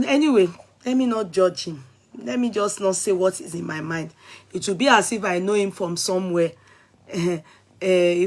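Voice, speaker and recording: Husky Nigerian woman scolding viewers. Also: medium pitch. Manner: animated, scolding, repetitive. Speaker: vlogger. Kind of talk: casual commentary.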